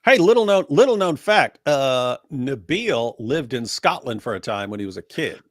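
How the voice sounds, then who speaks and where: A man co-hosting a live stream, joking and telling animated stories in casual chat. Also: medium pitch, normal speed, no room sound, studio quality. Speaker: co-host of a live talk stream.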